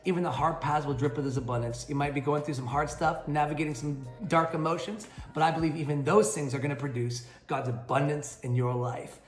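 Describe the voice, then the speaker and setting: A man giving a midweek devotional as pastor, energetic and punchy, with rhyming catchphrases. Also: a little high, a little fast, hardly any pauses. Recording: roomy sound with faint music underneath.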